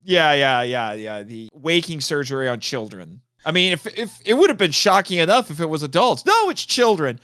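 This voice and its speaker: A man talking as a podcast guest in casual chat, excitable, laughing often and changing his mind mid-thought. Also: on the high side, moderate pace, hardly any pauses, dry recording, clean studio sound.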